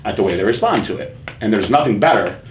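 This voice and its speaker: A man hosting a podcast in casual chat, telling candid stories with profanity and animated quoting. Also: on the low side, fast. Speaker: podcast host. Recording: echoey room with faint noise.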